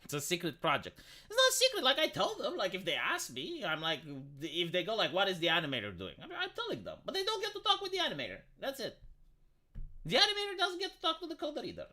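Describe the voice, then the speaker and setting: Ranting bluntly in casual chat, this live streamer talks quickly in a bright, forceful, medium-pitched voice that swoops wildly. The rant rambles, full of profanity, self-interruptions and repeated words.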